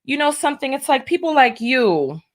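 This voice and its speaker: Woman host, fiery blunt live-stream commentator, slightly high voice, riled up. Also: big pitch swings, normal speed. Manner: fiery, blunt, reads viewer comments aloud. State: riled up early in the morning.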